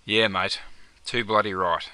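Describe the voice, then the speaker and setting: A man's voice: fairly low pitch, steady tone, unhurried, sharp tone, dry recording, voice pushed down. A man with an Australian accent voicing an easygoing mate who drawls his lines. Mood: laid-back.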